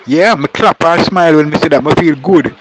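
A man's voice: on the high side, a little fast, noisy background. Rambling Jamaican man. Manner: rambling, repeats "you understand". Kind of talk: street interview commentary.

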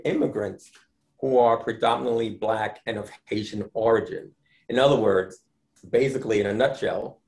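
A Dominican-born man explaining his artwork in an interview, speaking in a measured way with frequent ums and restarts. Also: mid-range voice, darkish tone. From Dominican Republic. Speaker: artist guest.

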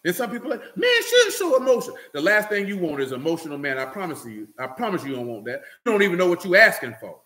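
Guy preaching real casual, kinda high voice, lots of "you know what im saying", room echoes. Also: very animated, fast talker, few pauses, pushed and bright. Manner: talks loosely and directly, often asking "you know what I'm saying". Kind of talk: casual conversational sermon.

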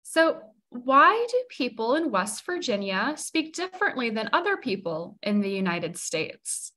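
A woman leading an online English class in a relaxed way. Her voice is bright and a little high, and it moves a lot. She laughs easily as she talks. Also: measured pace.

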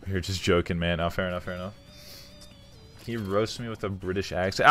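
A young man casually commenting while playing a game, swearing often and breaking into excited outbursts. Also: sits low, fairly quick, long pauses, dry recording. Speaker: gaming streamer. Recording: music bed behind voice. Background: soft game music.

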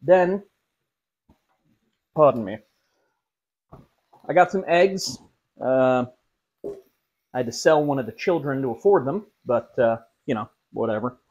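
A man's voice: medium pitch, expressive, unhurried, pauses often, a little mellow, muffled recording. A man hosting a casual cooking vlog in a home kitchen, who cracks self-mocking jokes while he cooks. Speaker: cooking show host.

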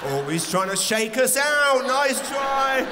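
A man voicing a cheeky gang of urine droplets, taunting and shouting in a live theatre. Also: extremely high pitch, animated, slow pace, background noise, pitched above the performer's own voice, exaggerated voice. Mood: gleeful taunting. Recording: reverberant live theatre with audience.

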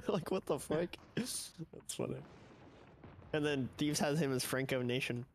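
A man chatting casually with a teammate while playing, giving quick tactical callouts and swearing now and then. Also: a little high, animated, a little hiss or hum. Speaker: gaming teammate. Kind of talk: casual gaming chat.

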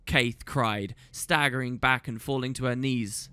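A man, a gaming channel host, narrating a story aloud in a measured, dramatic way. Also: medium pitch, fairly even intonation, bright, forceful tone, clean tone. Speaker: let's play host reading story.

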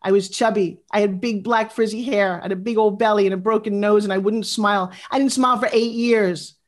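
A woman in her fifties delivers a motivational speech with lively, confessional energy. She speaks directly to her listeners, coaxing them to answer back, at an ordinary middle pitch for a woman. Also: a little fast. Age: 50s. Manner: animated, confessional, talks straight to the audience.

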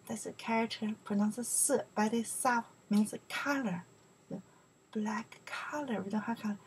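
A woman teaching beginner Chinese, saying each word slowly and asking the listener to repeat it, with soft-spoken English asides. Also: mid-range voice, fairly even intonation, slightly rough. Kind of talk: slow beginner language lesson.

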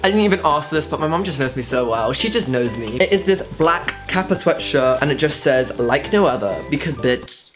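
Brief: camp young vlogger, sassy asides, squeals, music bed underneath. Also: male voice, on the high side, animated, fairly quick. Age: young adult. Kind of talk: casual haul vlog. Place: bedroom with studio light. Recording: music playing behind the voice.

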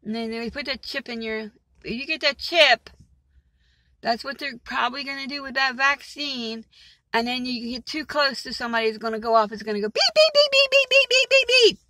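A woman from Maryland rambles to her vlog audience, agitated and exasperated. Her voice is bright and a touch high. It sounds dry and close, with no room echo. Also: steady tone, fairly quick. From Maryland, USA. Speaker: vlogger.

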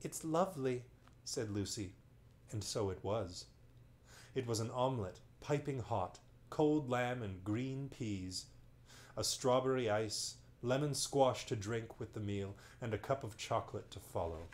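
A man's voice: on the low side, unhurried. A man reading a bedtime story aloud on a livestream, breaking in with playful, wry asides. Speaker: storyteller host.

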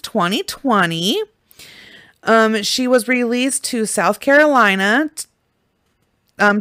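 A woman's voice: medium pitch, a bit bright, smooth, no room sound, studio quality. A young woman hosting a true crime show, talking casually and ranting angrily with lots of swearing. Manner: angry, profane, ranting; mocks people in put-on quoted voices. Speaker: true crime podcast host.

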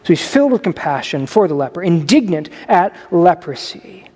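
A man preaching a sermon as pastor in a conversational way, with animated asides. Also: fairly high pitch, moderate pace, husky, in a large hall. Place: church sanctuary.

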